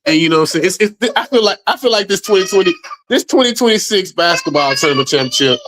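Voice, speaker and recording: A man's voice: high-pitched, expressive, quick pace, fairly bright tone, low-quality recording. A man joining a casual sports podcast as a guest, joking and loose, often saying "you know what I'm saying".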